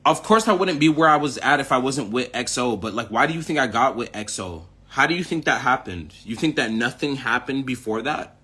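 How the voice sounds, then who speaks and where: A man's voice: mid-range voice, lively intonation, fairly quick, few pauses, sharp tone, husky. Young man ranting boastfully. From United States. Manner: boastful, profane, confrontational. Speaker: rapper. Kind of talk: ranting monologue.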